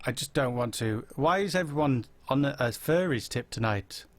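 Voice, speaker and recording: A man hosting a casual live-stream chat, rambling through viewers' comments with deadpan silly humor. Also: mid-range voice, normal speed. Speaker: host.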